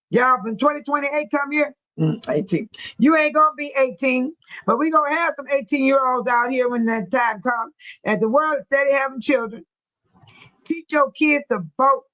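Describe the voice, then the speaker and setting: Older lady livestreaming, high voice, dry close sound, laughs a lot talking to chat. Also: sharp tone, no echo, low-quality recording. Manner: chatty, laughs often, talks back to commenters. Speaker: livestream host reading chat.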